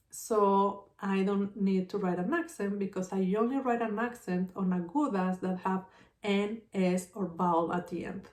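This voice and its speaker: Woman teacher, very slow delivery, roomy echo, patient explaining. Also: mid-range voice, distant mic. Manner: patient, repeats example words slowly. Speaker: Spanish teacher.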